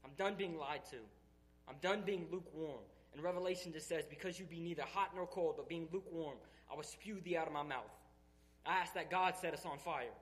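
A man's voice: on the high side, fairly quick, a bit bright. A man giving an emotional church testimony, earnest and emphatic, sounding tearful. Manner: earnest, emphatic, building intensity.

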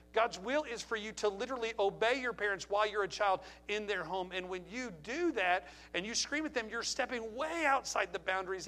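A man's voice: sits high, sharp tone. A middle-aged man preaching a sermon in a church, emphatic, firing rhetorical questions and repeating phrases for effect. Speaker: pastor.

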